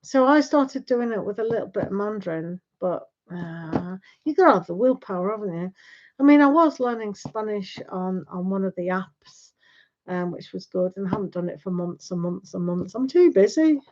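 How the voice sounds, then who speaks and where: A woman's voice: mid-range voice, moderate pace, darkish tone. A woman hosting a tarot livestream, chatting casually with viewers in a rambling way and tagging questions onto her sentences. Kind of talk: casual chat with live viewers. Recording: dull lo-fi livestream audio.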